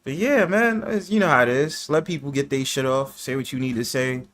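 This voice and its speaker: A man's voice: medium pitch, a little fast, a bit bright. A man hosting a casual panel chat, boisterous and profane, laughing often and acting out the voices he quotes. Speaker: host of a live panel stream.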